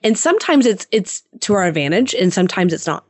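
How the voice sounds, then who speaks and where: A woman's voice: medium pitch, fast talker, dry recording. Chatty woman telling a story, dry sound. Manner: animated, chatty, many restarts and "you know". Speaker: guest entrepreneur. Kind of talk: casual storytelling interview.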